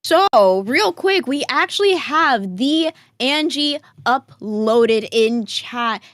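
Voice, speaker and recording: Sassy female co-host, higher voice, dry close sound, teasing delivery. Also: animated, slow, a bit bright, dry recording. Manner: teasing and sassy, reads chat. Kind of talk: casual chat.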